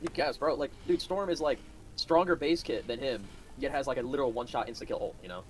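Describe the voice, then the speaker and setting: Fast-talking excitable young man. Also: medium pitch, slight background noise, poor audio. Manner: excitable, joking, rapid-fire. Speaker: co-host. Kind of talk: casual gaming chat.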